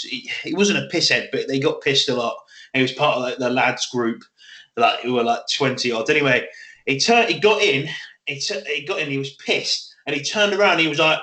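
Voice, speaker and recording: A man's voice: on the high side, pushed and bright. A young man co-hosting a podcast, telling crude stories with a laugh and plenty of swearing. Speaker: podcast co-host. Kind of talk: crude casual chat. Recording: echoey room.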